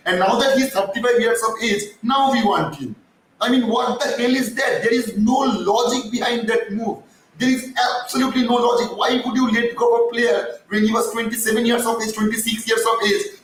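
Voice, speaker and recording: A man rants through a live-stream fan commentary in a fairly high voice, swearing and then apologizing for his heat. He sounds set back from the mic in a very echoey space with a faint hiss underneath. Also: fairly bright tone, recorded from a distance. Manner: heated, ranting, swears, apologizes for getting hyper. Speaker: fan channel host.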